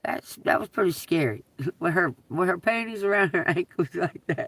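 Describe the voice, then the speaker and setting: A woman with a gravelly, creaky edge holds forth on a phone livestream. She tells her story in an animated, emphatic way, swearing freely. The sound is close and dry. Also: on the low side, moderate pace, no echo. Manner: animated, profane, emphatic retelling with laughs. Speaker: livestreaming tarot reader.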